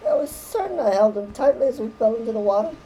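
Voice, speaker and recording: Woman putting on a fretful high mom survivor, shaky and worried. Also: sing-song, fast talker, vocal fry, dark tone, slight background noise, poor audio. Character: anxious woman survivor searching for her child.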